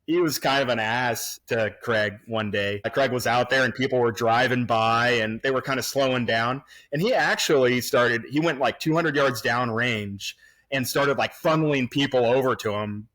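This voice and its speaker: Bright-voiced man reminiscing casually. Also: mid-range voice, moderate pace. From Pacific Northwest, USA. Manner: relaxed reminiscing, many fillers and restarts. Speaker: podcast guest. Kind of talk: casual remote podcast chat. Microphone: remote recording, podcast mic.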